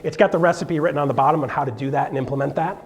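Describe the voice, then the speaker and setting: A high-voiced man coaching a live seminar room in a joking, animated way. He slips into quick impressions of clients and his wife as he explains his steps. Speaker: real estate coach.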